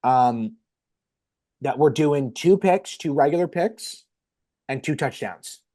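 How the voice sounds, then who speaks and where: Upbeat young man talking sports picks. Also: on the high side. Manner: energetic, rattles off picks quickly. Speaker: podcast co-host. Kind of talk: casual sports betting chat.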